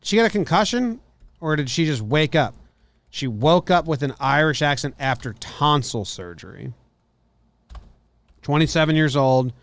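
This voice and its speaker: A man's voice: fairly high pitch, animated, normal speed, long pauses, a bit bright, dry recording. A man hosting a casual podcast, reading a news story aloud and doubting it with a joking tone. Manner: skeptical, joking. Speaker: podcast host.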